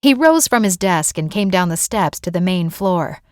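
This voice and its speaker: A woman author narrating her own romance novel as an audiobook, telling it in an even, gentle way. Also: on the low side, normal speed, dry recording, studio quality.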